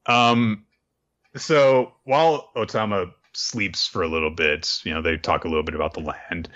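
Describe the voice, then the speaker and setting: A man's voice: low voice, normal speed, muffled recording. A man co-hosting a casual podcast recap, acting out scenes and swearing freely. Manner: animated, acts out scenes, swears. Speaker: podcast co-host.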